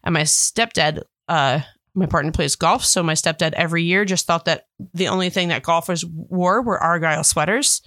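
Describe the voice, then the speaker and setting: A woman's voice: lowish voice, moderate pace, hardly any pauses, dry recording, studio quality. A woman in her thirties, chatting casually as a podcast co-host and acting out the people in her stories. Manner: animated storyteller, acts out quoted voices. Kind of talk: casual chat.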